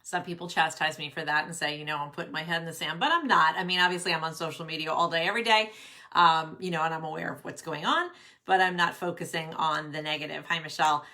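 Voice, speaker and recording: A woman's voice: deep voice, fast, sharp tone. A middle-aged woman coaching careers on a casual live stream, bubbly and chatty, greeting viewers by name. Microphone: webcam at desk.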